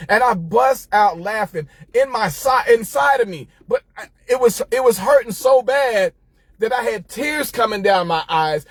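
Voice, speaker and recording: A middle-aged man hosting a casual storytelling monologue, animated and laughing as he talks to his listeners. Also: sits high, no room sound. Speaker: host.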